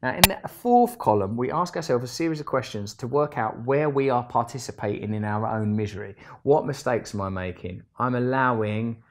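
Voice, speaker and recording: A man talks straight to camera in a rambling storytime monologue. His voice is mid-pitched for a man and swings between loud outbursts and quiet asides. He restarts sentences often and pokes fun at himself. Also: lively intonation, moderate pace, hardly any pauses. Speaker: vlogger.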